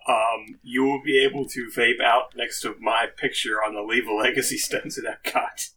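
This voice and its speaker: A man's voice: mid-range voice, flat delivery, normal speed, bright, forceful tone, far from the mic, a little hiss or hum, poor audio. A man co-hosting a podcast, chatting in a laid-back, hesitant way with dry humor. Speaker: podcast co-host. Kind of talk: casual comedic chat.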